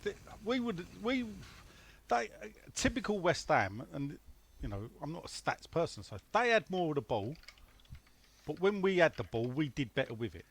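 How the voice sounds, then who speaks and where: A man's voice: a little high, big pitch swings, moderate pace, breathy edge. A man on a casual football fan podcast, trading dry, teasing banter and giving his match summary. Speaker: podcast panelist.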